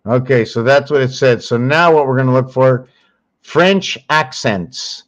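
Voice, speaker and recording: A man talks through a screen walkthrough at an unhurried, drawn-out pace, thinking aloud and correcting himself as he goes. His pitch sits in an ordinary middle range. The recording is muffled and lo-fi. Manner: slow, rambling, searching aloud with many pauses and self-corrections. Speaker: channel host teaching on screen.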